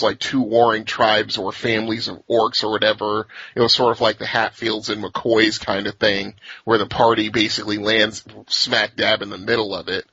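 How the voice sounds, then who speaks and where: A man's voice: on the low side, pushed and bright, dry recording, dull audio. A man hosting a podcast in casual chat, laughing often and restarting his sentences. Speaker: podcast host.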